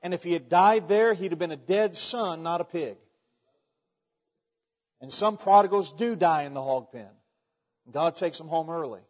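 Folksy male preacher, higher-pitched voice, dull muffled recording in a big echoing hall. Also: normal speed, pauses often, darkish tone. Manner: folksy storytelling with frequent restarts. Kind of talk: sermon.

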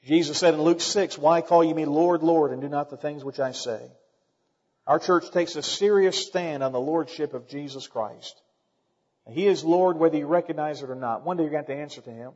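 A man's voice: on the high side, fairly quick, a little mellow, slightly rough. A man preaching a sermon as pastor, plainspoken and emphatic, building to fervent peaks. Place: church sanctuary. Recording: muffled church recording with long reverb.

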